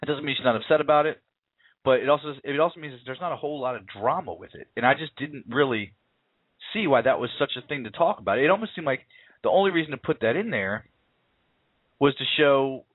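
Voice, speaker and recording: Here the American reviewer is animated and quick, his husky, medium-pitched voice rambling through thoughts on a film with many restarts and fillers. The sound is dry, coming through a thin phone-like line.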